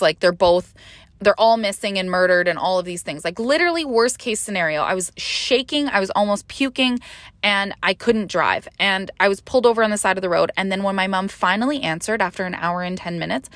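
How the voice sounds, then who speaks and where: A woman's voice: mid-range voice, expressive, moderate pace, a bit bright, dry recording. A young woman talks straight into the mic in a confessional podcast monologue. She is candid and rambling, swearing freely and leaning on fillers, and her voice climbs sharply when a memory of panic takes over. The sound is dry and close, with a mid-range voice. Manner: emotional, rising sharply when reliving panic. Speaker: podcast host.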